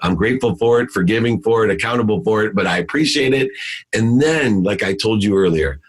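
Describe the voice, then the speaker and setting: Husky low-voiced intense motivational man. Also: expressive, fairly quick. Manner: intense, emphatic, swings between loud and hushed. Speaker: podcast guest. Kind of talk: motivational storytelling.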